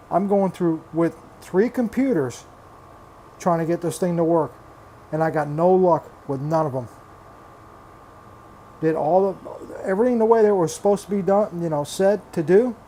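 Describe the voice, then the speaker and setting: An older man who vlogs about his reef aquarium hobby vents bluntly and with exasperation in a frustrated, casual rant, swearing freely, repeating himself and restarting phrases. His voice is on the high side and warm, with slight background noise.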